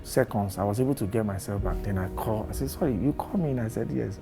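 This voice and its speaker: A man's voice: medium pitch, lively intonation, fairly quick, creaky, warm tone, soft background music. A Nigerian man telling how he learned of a death, acting out the dialogue he had. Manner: plain narrative, acts out quoted dialogue. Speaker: friend interviewed. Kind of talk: storytelling recollection.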